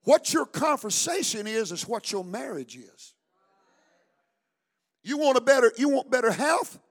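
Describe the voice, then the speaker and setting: A male pastor preaches at a church service with a strikingly high voice. He swings between quiet asides and shouted, chanted lines, calling the congregation to answer back. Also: very animated, measured pace. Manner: fiery call-and-response preaching, shouting and chanting. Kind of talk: sermon.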